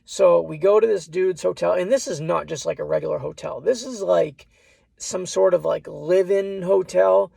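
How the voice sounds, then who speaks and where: A man's voice: high voice, moderate pace, gravelly, warm tone, slightly rough, no echo. A man casually telling a personal story, rambling and restarting his lines, often repeating "I said".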